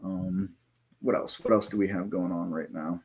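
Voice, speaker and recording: A man hosting a live trading stream, walking through software in a loose, rambling way with many fillers and self-corrections, and hiccups now and then. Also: low voice, fairly even intonation, normal speed, a little hiss or hum. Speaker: live trading room host.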